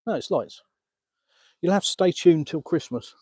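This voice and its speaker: A man's voice: on the high side, animated, moderate pace, darkish tone, husky, no room sound. An Englishman casually answering viewer comments on a live stream from a beach, filmed on a phone. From England. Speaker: vlogger answering live chat. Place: outdoors on a beach.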